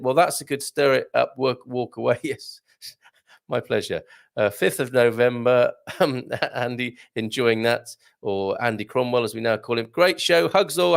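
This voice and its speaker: A man's voice: medium pitch, gravelly. A middle-aged Englishman, hosting a live morning show, chatting jokily and reading out viewer comments. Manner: jokey, rambling, self-deprecating.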